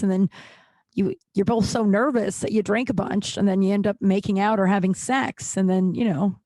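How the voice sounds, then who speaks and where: A young woman hosts her own podcast in a loose, rambling way, full of fillers and quick laughs. Her voice sits at an ordinary middle pitch. The recording is close and dry, with no room sound. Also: a little mellow, no room sound. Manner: rambling, candid storytelling with frequent laughs and fillers. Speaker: podcast host. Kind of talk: casual solo podcast chat.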